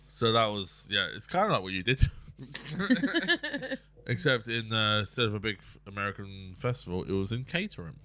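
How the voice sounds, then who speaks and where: A man's voice: fairly low pitch, very animated, moderate pace, bright, forceful tone. A man hosting a podcast, telling rambling comic stories and laughing through his own jokes. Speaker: podcast host and comedian. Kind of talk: casual podcast chat.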